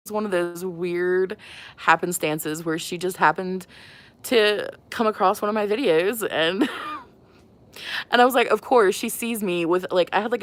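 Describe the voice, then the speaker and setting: A woman's voice: medium pitch, a bit bright. A woman hosting a makeup livestream, chatting casually and giggling as she answers her viewers. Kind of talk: casual live-stream chat with viewers.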